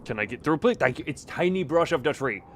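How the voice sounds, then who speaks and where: A man's voice: fairly high pitch, expressive, quick pace. A man streaming a horror game, giving rambling, jokey, self-mocking commentary as he plays. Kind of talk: casual gameplay commentary.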